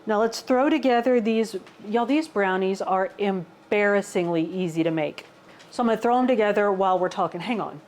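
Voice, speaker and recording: This woman's medium-pitched, darkish voice moves at a normal speed over slight background noise. Filming a cooking and fitness vlog in her home kitchen, she rambles, makes fun of herself, and says "y'all" a lot to her viewers.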